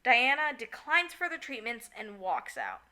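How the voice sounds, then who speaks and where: A woman co-hosting a podcast in casual chat, recapping a musical with lots of giggling and quick acted-out lines. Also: on the high side. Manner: giggly, animated, acts out characters in quick asides. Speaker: podcast co-host.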